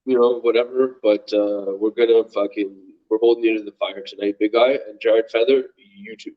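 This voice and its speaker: A man's voice: fairly low pitch, fairly even intonation, moderate pace, lo-fi sound. A man hosting a casual podcast, talking bluntly and mockingly and swearing freely. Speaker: podcast host. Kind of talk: casual chat.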